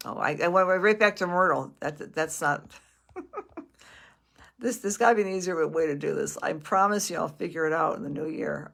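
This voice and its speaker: Gentle, halting woman psychic. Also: on the low side, vocal fry. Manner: gentle and affectionate, calling viewers sweetie and honey; halting with many restarts and fillers. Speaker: astrologer and psychic medium. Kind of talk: live psychic reading to viewers.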